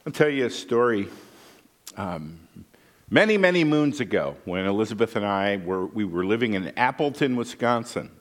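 A middle-aged male pastor preaching a sermon in a folksy, conversational way, telling stories and checking in with his listeners. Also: on the low side. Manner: folksy, conversational, with frequent "right?" asides. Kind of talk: sermon with storytelling.

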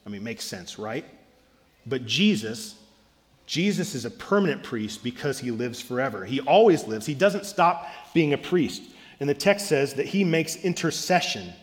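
A man, a pastor, preaching an earnest sermon and repeating key phrases for emphasis. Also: medium pitch. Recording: long reverb of a large hall.

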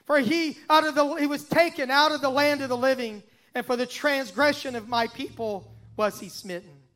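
High-pitched man preaching with drama. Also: moderate pace. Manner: dramatic, swelling and dropping to a hush. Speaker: pastor. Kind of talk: sermon with scripture reading.

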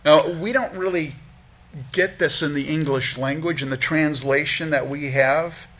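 A man's voice: on the high side, steady tone, a little slow, fairly bright tone. A man preaching as a pastor, earnestly teaching through a Bible passage verse by verse, often repeating words as he restarts a thought.

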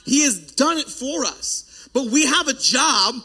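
A man preaching a sermon as pastor, loud and forceful, breaking off for joking asides to the congregation. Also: very high-pitched, very animated, a little slow, slightly rough.

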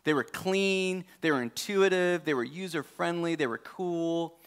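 A man's voice: a little high, unhurried, clear, resonant tone. A man preaching a sermon as pastor in a conversational way, with joking asides and frequent self-corrections. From United States.

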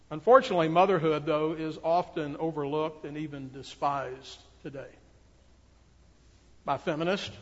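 Pastor, male, earnest measured sermon delivery, slightly higher voice, long church reverb, dull lo-fi sound. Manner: earnest, measured preaching with emphatic rises.

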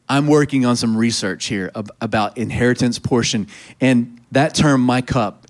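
A man preaching a sermon, reading scripture aloud and urging the congregation to respond. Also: medium pitch. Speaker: pastor.

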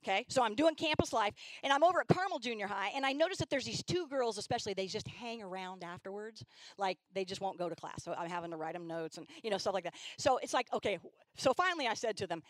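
A woman's voice: medium pitch, fast talker, no echo, rough recording. A middle-aged woman telling stories in a sermon at church, often acting out the voices of young girls. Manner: animated storyteller, acts out girls' voices. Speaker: church speaker. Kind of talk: sermon storytelling.

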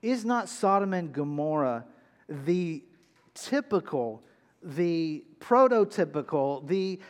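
High-voiced preacher in a reverberant hall. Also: male voice, animated. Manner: emphatic, drawn-out shouts on key words. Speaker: pastor. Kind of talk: sermon.

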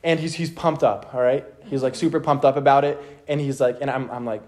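A young man teaching a youth group from the Bible in a casual, energetic way, often checking in with his listeners. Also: mid-range voice, a little fast, hardly any pauses. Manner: energetic, checks in with "okay?" constantly.

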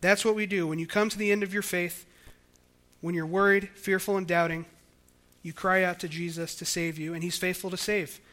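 A man's voice: high-pitched, level tone, normal speed, pushed and bright. A young man preaching a sermon in a conversational way, now and then acting out quoted voices. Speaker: pastor.

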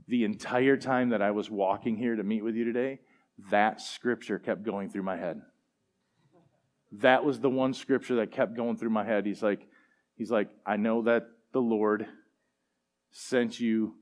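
A middle-aged man preaching a sermon and telling personal stories in a relaxed, conversational way, with plenty of fillers. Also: lowish voice, unhurried, long pauses. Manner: conversational, animated storytelling with fillers. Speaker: pastor. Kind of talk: sermon storytelling.

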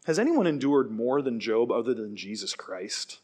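A man preaching a sermon, telling stories in an animated way and acting out quoted lines. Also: medium pitch, moderate pace, breathy edge. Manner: animated storytelling with acted quotes. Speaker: pastor.

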